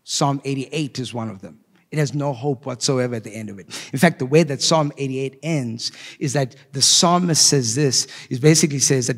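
A man preaching a sermon, swinging between loud, impassioned rises and quiet, reflective passages as he reads scripture. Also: medium pitch, normal speed, long reverb tail. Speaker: pastor.

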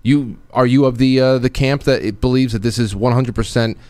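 A man hosting a talk show in casual chat, often halting and restarting his sentences. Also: mid-range voice, darkish tone, clean tone, no room sound. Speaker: podcast host.

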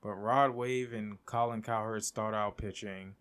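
An excitable young man talks through a casual solo podcast in a low-pitched voice. He rambles, laughs a lot and trips over his words as he goes. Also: measured pace, clear, resonant tone. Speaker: podcast host.

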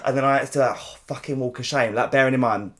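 A man's voice: mid-range voice, fairly even intonation, fast, a crowd in the background. Man, South London accent, casual podcast chat, swears and laughs a lot. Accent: South London English. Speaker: podcast host.

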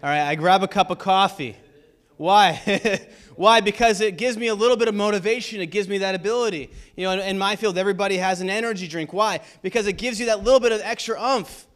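A man's voice: sits high, a little fast, fairly bright tone. A man preaching a sermon as pastor of a church, building intensity with rhetorical questions.

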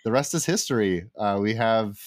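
A young man co-hosting a casual podcast chat, rambling and animated with lots of fillers. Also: on the low side, normal speed, no room sound, studio quality. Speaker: podcast co-host.

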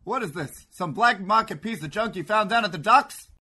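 An actor playing a hot-headed, tough-talking police detective in a comedy sketch ad, blustering and yelling threats. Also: male voice, high voice, lively intonation, normal speed, slightly rough, soft background music, full character voice.

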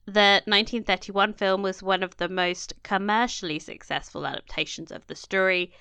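Bright, crisp woman podcast co-host. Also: medium pitch, fairly even intonation, normal speed, no room sound. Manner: reads notes, then jokes and laughs easily. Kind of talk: casual chat mixed with read-out history.

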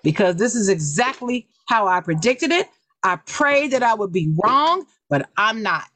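A woman's voice: medium pitch, expressive, a little slow, sharp tone, no room sound. Fired-up woman ranting as podcast co-host. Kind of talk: opinionated podcast talk.

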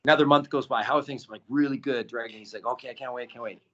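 A man talking as a podcast guest and documentary producer, telling stories in a casual, animated way and acting out quotes, with many "right?" tags. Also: medium pitch, racing. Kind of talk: casual storytelling. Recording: dull lo-fi audio.

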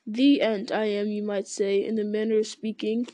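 A woman voicing an ancient, giant male tree creature who speaks slowly and solemnly, murmuring and humming as he thinks. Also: mid-range voice, level tone, warm tone, no room sound, lightly acted. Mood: ponderous. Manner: slow, deliberate, murmuring with hums.

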